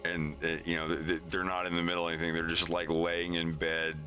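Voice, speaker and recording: A man streaming his animation work, chatting casually and rambling with halting restarts. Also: low-pitched, monotone, sharp tone, soft background music.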